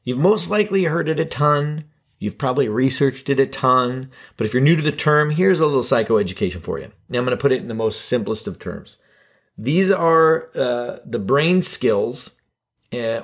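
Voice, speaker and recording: A man hosting a podcast alone, talking in a casual, rambling and self-deprecating joking way. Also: medium pitch. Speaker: podcast host. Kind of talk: casual solo podcast monologue.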